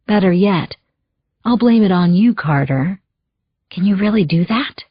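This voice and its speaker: A woman's voice: mid-range voice, lively intonation, a little slow, slightly rough, no echo. A woman voicing an evasive married businessman who talks in a placating, slightly condescending way. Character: smooth evasive middle-aged married businessman. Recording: dull lo-fi audio.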